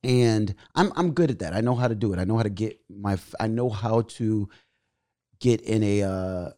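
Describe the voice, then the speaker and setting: A comedian appearing as a guest, a young adult man, tells a story casually and with lots of energy at a moderate pace. When he acts out scenes, his voice leaps up loud and high.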